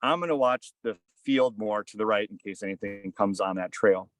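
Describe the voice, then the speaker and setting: A man's voice: lowish voice, normal speed, no room sound. A man in his thirties or forties, a podcast guest, telling a casual story in a rambling way full of "kinda" and "like.". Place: on a fishing boat.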